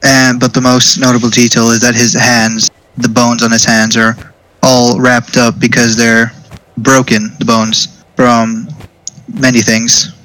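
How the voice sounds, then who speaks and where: A man's voice: mid-range voice, little pitch movement, measured pace, a bit bright, dry recording, rough recording. A man playing his character in a tabletop game, hesitant and stammering. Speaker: player.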